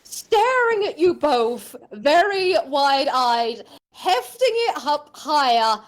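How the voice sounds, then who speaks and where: A woman runs a tabletop game as its game master. She talks in a chatty way with lots of fillers. Her voice is very high and lively. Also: slow pace.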